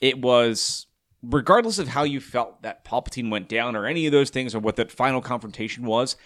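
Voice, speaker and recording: A man co-hosting a fan podcast, chatting excitedly and rambling, often trailing off mid-sentence. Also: medium pitch, fairly quick. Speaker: podcast co-host. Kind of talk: casual fan chat.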